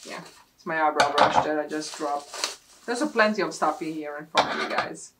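A woman's voice: low-pitched, moderate pace, heavy background noise. A woman beauty vlogger unboxing a gift box at her desk, gushing and repeating how much she loves each item. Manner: gushing, repeats "love it" over and over. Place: home desk.

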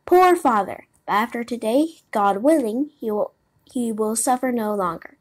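A woman voices a naive wooden puppet boy in a storybook. His voice sits well above hers and sounds pleading and excited. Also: fairly high pitch, moderate pace, voice pushed up. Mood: eager.

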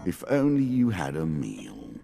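A gravelly, ominous card dealer. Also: male voice, wildly swooping pitch, dark tone, heavily acted. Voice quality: deep gravelly, measured and solemn. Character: ominous hooded male card dealer, cryptic. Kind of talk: video game character dialogue. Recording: long reverb with music behind.

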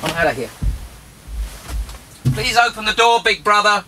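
A man arguing in a rage, swearing and shouting as he insists on leaving. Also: sits high, lively intonation, normal speed. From Australia. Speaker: reality show housemate. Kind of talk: heated argument. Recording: crowd noise behind.

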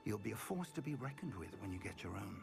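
A man's voice: on the low side, sing-song, vocal fry. An actor playing a kindly, formal elderly male wizard professor in a video game. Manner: measured, formal British diction. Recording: game audio with background music.

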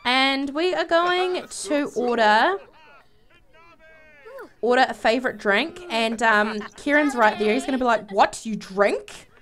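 A woman giving casual, excitable commentary while playing a life-simulation game, giggling and exclaiming often. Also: a little high, a little slow. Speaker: let's play gamer.

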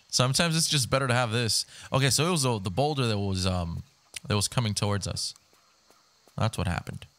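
A young man giving excitable, swearing commentary while he plays a video game on a headset mic. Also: on the low side, moderate pace, pauses often. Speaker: gaming YouTuber. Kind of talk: live gameplay commentary. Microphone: gaming headset.

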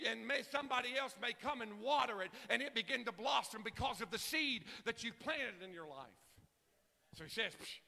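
A male pastor with a Southeast Kentucky accent preaching a sermon, swinging from shouted peaks to low, quiet asides. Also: creaky, long reverb tail.

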